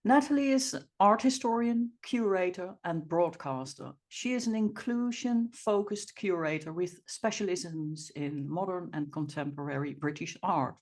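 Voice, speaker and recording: A woman with a Dutch accent hosts an interview, speaking at a fairly low pitch. Her talk is chatty, and at times she stops and starts over as she hunts for the words. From Netherlands. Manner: warm and chatty, with some halting restarts. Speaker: podcast host.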